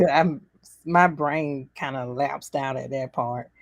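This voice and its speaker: A woman co-hosting a casual podcast chat, retelling scenes and acting out the quotes with laughter. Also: dry recording. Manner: animated, acts out quotes in high voices, laughs often. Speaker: podcast co-host.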